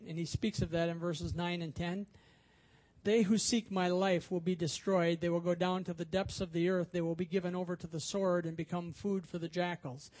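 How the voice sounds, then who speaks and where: A man's voice: high voice, a little mellow. A man preaching a sermon, telling stories and acting out quoted voices with rising emphasis. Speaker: pastor.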